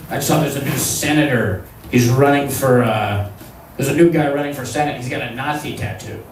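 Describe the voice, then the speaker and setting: A man's voice: mid-range voice, moderate pace, reverberant, recorded from a distance, background noise. A man performing a stand-up comedy set in a club, rambling and profane and laughing at his own jokes. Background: audience.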